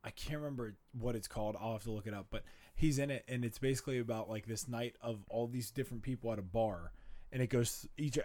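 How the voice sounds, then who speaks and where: A man's voice: medium pitch, quick pace, mellow, no room sound. A man in his twenties in a casual podcast chat, rambling laid-back with lots of "like" and "dude". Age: 20s.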